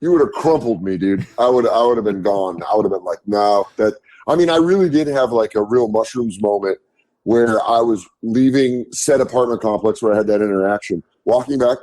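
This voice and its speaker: A man's voice: medium pitch, dark tone. A man from Colorado, a guest comedian in casual podcast chat, rambling through stories, acting out voices and swearing freely. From Aurora, Colorado, USA.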